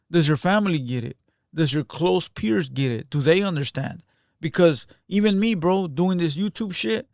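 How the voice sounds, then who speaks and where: Man, YouTube reaction commentary, street slang, slightly raised pitch, dry close sound. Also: dry recording. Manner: slangy street talk, constant "bro"; loose, repetitive, emphatic.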